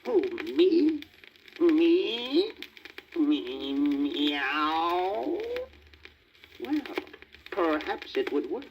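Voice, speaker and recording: A meek old tomcat with a high, wailing, mewing voice, as a man puts him on. He swoops up and down as he frets, heard on a muffled old storybook record with faint crackle. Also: sing-song, drawn-out words, long pauses, full character voice.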